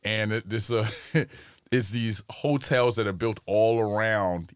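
A man's voice: on the low side, fairly even intonation, slow pace, clear, resonant tone, dry recording, studio quality. A young man in casual chat, laid-back and slangy, laughing often and swearing freely.

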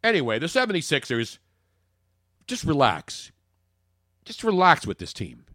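Animated, jokey sports host. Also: male voice, a little high, measured pace, no echo, clean studio sound. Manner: animated, jokey, swings from loud to muttering. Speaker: sports talk podcast host. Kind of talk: opinionated sports talk.

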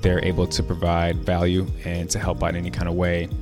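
A man's voice: sits low, monotone, fairly quick, over music. A man hosting a podcast, upbeat and chatty as he introduces and interviews his guest. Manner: upbeat, friendly, chatty, with frequent fillers. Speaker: podcast host.

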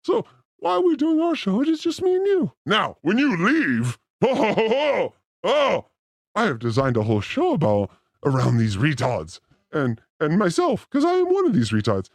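Guy hosting a show, crude jokey theatrical, high voice, totally dry close mic. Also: wildly swooping pitch, moderate pace, no room sound. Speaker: podcast host. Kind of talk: crude casual banter.

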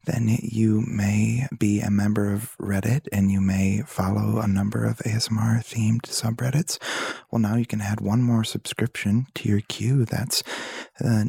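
A man co-hosting a comedy podcast, joking deadpan in a soft mock-ASMR whisper. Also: fairly low pitch, vocal fry, breathy edge, no echo. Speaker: podcast co-host and editor.

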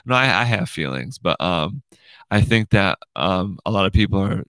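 A man's voice: sits low, expressive, normal speed, a bit bright, no echo. A young man hosting his own show from home, rambling casually and swearing a lot, tacking "dude" and "right?" onto his sentences. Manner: profane, rambling, ends lines with "dude" and "right?". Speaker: podcast host. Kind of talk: casual monologue. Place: room in his house.

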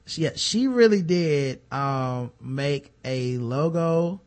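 A man co-hosting a podcast, chatting casually and reading listener emails aloud with low muttered asides. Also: lively intonation, takes it slowly, darkish tone. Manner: laid-back, drops into a low mutter for asides, reads letters aloud. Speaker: podcast co-host.

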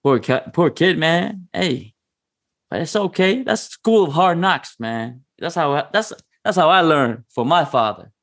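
A man from the Pacific islands talks in a loose, slangy way, laughing through his stories. His voice sits a bit high for a man. The recording is dry and close. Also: animated, unhurried, fairly bright tone, dry recording. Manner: laughing storyteller, slangy, says man a lot. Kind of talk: casual podcast chat.

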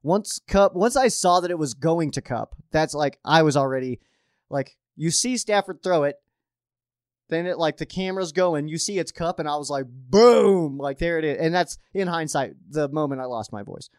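A young man from Colorado, the host of a fan stream, reads out viewer questions and answers them in a rambling, excitable way, and he gets worked up easily. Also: fairly high pitch, moderate pace, clean tone, no room sound, clean studio sound. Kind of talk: casual livestream chat.

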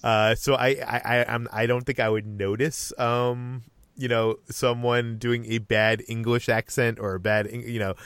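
A man's voice: medium pitch, flat delivery, a little slow, fairly bright tone, clean tone, no echo. An American man hosting a casual discussion podcast, talking hesitantly with many restarts and fillers. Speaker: podcast host.

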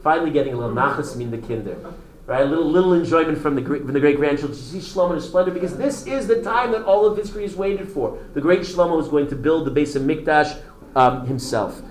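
A man's voice: fairly high pitch, expressive, quick pace, roomy sound, low-quality recording. A man teaching a class, telling stories with enthusiasm and answering student interruptions. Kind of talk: classroom lecture.

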